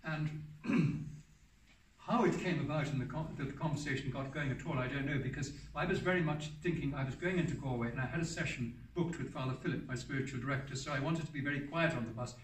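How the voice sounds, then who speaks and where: Speaking quickly in a mid-range voice, a man in his seventies rambles through anecdotes about his life as a hermit during a public talk in a hall. He frequently restarts and corrects himself mid-sentence. A distant mic makes the sound roomy.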